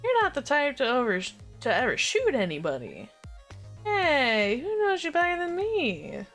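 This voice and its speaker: A woman voicing a flamboyant, smooth-talking male police inspector with a drawl. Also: high voice, huge pitch swings, a little slow, fairly bright tone, soft background music, full character voice. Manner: drawling, calls people baby.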